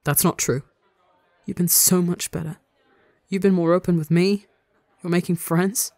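A podcast reader voicing a gentle, loving young man who speaks softly and reassuringly to his partner. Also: medium pitch, steady tone, moderate pace, no echo, clean studio sound, natural voice. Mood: tender. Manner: soft and reassuring.

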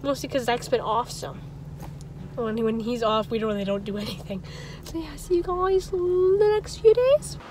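High-voiced woman rambling amid traffic noise. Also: lively intonation, moderate pace, darkish tone. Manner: rambling, chatty, with frequent small laughs. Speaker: vlogger. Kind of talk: casual storytelling vlog. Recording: noisy outdoor traffic background.

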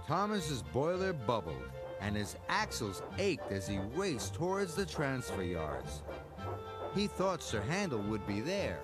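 A man reading a children's storybook aloud, slow and expressive. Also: medium pitch. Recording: narration over background music.

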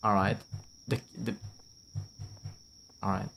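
A man's voice: lowish voice, little pitch movement, slow, gravelly, fairly bright tone, a little hiss or hum. A man, casually commentating a game while streaming, blunt, swearing and laughing often. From France. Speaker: VTuber streamer.

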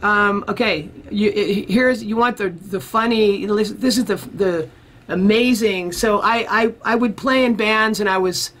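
A man's voice: high voice, unhurried. Rambling male musician telling a story. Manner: animated storyteller who acts out the people he quotes; rambling, with many restarts. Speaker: interview guest, musician. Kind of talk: casual storytelling in an interview.

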